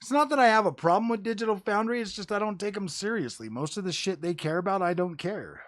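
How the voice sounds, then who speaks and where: Fast-talking and animated, a man with a high voice rambles about game consoles while streaming live. He tosses around "dude" and "bro" constantly, curses now and then, and jokingly drops into mocking voices.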